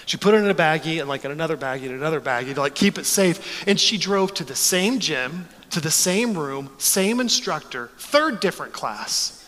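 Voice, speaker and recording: A man in his forties preaching a sermon, telling stories in an animated, joking way. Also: a little high, moderate pace, few pauses, long reverb tail. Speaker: pastor.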